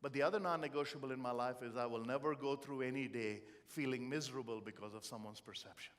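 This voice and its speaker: Speaking live, a middle-aged man delivers a motivational keynote full of humorous, heartfelt stories. He talks fast in a mid-range voice and is very expressive.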